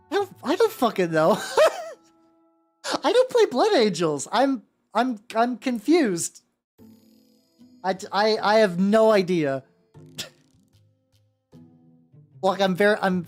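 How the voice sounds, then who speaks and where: A woman in mid-range pitch chats loosely with her viewers as she paints, often tripping over her words and starting sentences again. Her talk is casual and full of easy swearing. Faint music plays behind her. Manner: rambling, stammers and repeats words, swears freely. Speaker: streamer. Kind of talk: casual chat while painting miniatures. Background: faint background music.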